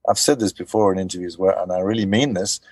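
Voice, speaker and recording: A man being interviewed as a voice actor, telling animated stories and acting out quotes. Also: low-pitched, fast, slightly rough, no echo. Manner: animated storyteller, acts out quotes. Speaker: voice actor guest. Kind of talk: casual interview chat.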